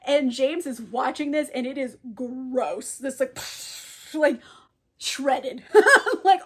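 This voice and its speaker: Here another young book reviewer breezily walks through a novel's story, with frequent laughter, plenty of fillers, and snappy quoted asides. She speaks in a high, slightly mellow, husky voice.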